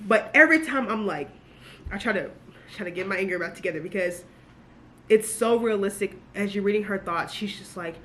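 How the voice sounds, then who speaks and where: A woman giving a casual, animated book review, gushing and full of asides as she talks to her viewers. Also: mid-range voice, fairly quick, slight background noise.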